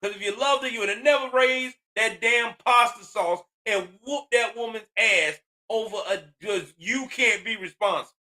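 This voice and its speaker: A man's voice: high-pitched, moderate pace, few pauses, bright, forceful tone. A man in his forties giving heated, profane commentary on a news story, ranting angrily with a lot of emphasis. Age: 40s.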